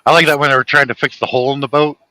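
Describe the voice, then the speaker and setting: A man's voice: medium pitch, flat delivery, rapid-fire, sharp tone, no echo, poor audio. A man in casual chat, enthusiastically chiming in and acting out lines from remembered scenes. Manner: enthusiastic fan, chimes in and acts out lines. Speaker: conversation partner.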